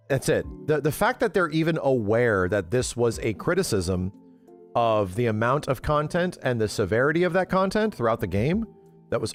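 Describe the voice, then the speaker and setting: Livestreaming, a man with a medium-pitched voice chats casually with his audience. He's animated and rambling, swearing freely and calling people bro and dude.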